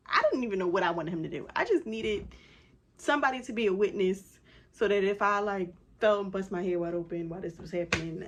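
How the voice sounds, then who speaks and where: A woman vlogger telling a personal story in a casual, animated way, with many "like" fillers. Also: fairly low pitch.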